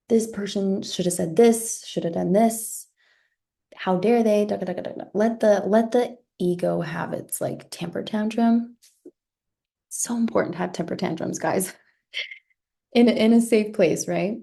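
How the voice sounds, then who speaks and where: An earnest woman in her thirties talking as a life coach. Her voice is mellow and dark, with a gravelly fry at the ends of phrases. She circles back on her words and keeps checking in with a quick "right?". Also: mid-range voice. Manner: earnest, repeats words, asks rhetorical "right?". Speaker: podcast host and life coach. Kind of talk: reflective motivational talk.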